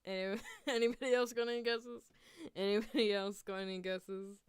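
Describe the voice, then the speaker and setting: A woman's voice: mid-range voice, level tone, normal speed, clean tone, no room sound. A woman streamer giving casual, giggly watchalong commentary and asking her chat questions.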